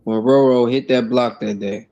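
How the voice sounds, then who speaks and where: A man's voice: medium pitch, steady tone, moderate pace, mellow, muffled recording. A man, a podcast guest telling stories in blunt, profane street talk. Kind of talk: casual storytelling.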